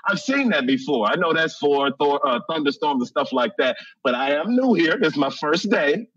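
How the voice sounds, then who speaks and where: Animated, laughing man from Chicago. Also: fairly high pitch, moderate pace, slightly rough, no echo, dull audio. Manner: animated, laughs often, acts out voices. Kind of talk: humorous personal storytelling.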